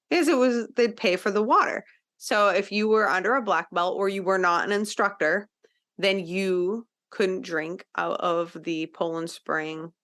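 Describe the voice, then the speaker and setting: A woman's voice: medium pitch, a bit bright. A woman hosts a podcast and tells a personal story straight to the listener. Her talk is casual and full of fillers, with the odd swear word. She stresses the lessons she wants listeners to take away. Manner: earnest, driving home lessons to the listener. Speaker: podcast host.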